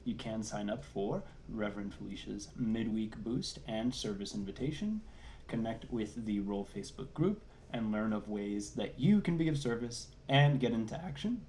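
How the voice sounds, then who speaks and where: A man's voice: on the low side, expressive, normal speed, a little mellow, slight background noise. A man, a services and support minister, reading church announcements in an upbeat, enthusiastic way over a video call.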